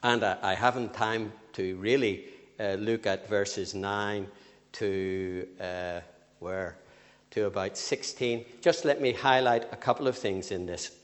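Older guy giving a sermon, slow and deliberate, long hall echo. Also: on the low side. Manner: lively with sudden rises and drops, slow emphatic phrasing. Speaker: preacher. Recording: long reverb of a church hall.

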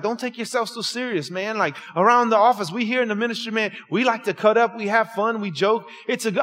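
A middle-aged man preaching a folksy sermon, calling out to the congregation and dropping from loud, lively bursts to low, soft stretches. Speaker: pastor.

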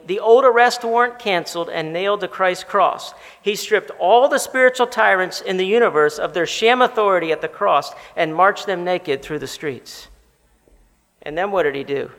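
A pastor delivers his sermon in a high voice with a gravelly edge. He is animated, slows for emphasis and puts questions to his listeners. His voice rings out in the long reverb of a large hall.

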